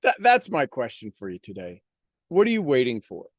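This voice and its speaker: A man's voice: medium pitch, huge pitch swings, normal speed, husky, no room sound, clean studio sound. A man giving a motivational monologue on a live stream, preaching with repeated rhetorical questions.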